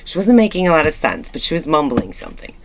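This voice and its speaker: Thirties woman vlogging, chatty and halting, full of ums and restarts, reflective. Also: low-pitched, sing-song, a little hiss or hum. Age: 30s. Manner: candid and reflective. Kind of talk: rambling personal vlog.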